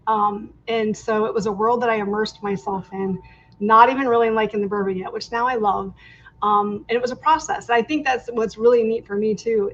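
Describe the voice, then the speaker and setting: A woman guest on a podcast tells a story in a lively, chatty way and slips into the voices of the people in it. Her voice sits a little high. The sound is dull and lo-fi, with a faint hiss behind it. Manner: animated storyteller, acts out quoted dialogue. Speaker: podcast guest, real estate agent. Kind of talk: casual storytelling interview.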